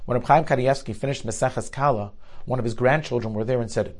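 A man telling stories in a sermon, rising loud for climaxes and dropping low for tense moments, with Hebrew and Yiddish terms woven in. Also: fairly quick. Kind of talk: storytelling sermon.

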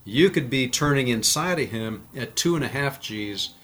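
A man's voice: medium pitch, moderate pace, slight background noise. A man, a former fighter pilot, telling stories in a casual interview and acting out the voices in them. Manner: animated, acts out quoted dialogue.

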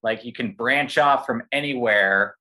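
A podcast guest from Montana who talks slowly and easily, with a bright edge to his voice. His manner is relaxed and joking. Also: medium pitch. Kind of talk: casual chat.

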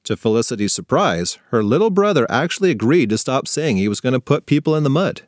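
A man narrating a funny children's story with playful, expressive storytelling on a close mic. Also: medium pitch, quick pace, dry recording. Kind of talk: scripted narration for kids.

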